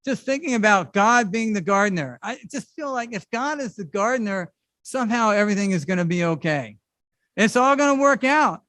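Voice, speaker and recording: Middle-aged male pastor, high-pitched and conversational, animated sermon delivery, dry recording. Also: moderate pace, no echo. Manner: conversational and animated, with casual asides. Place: church service.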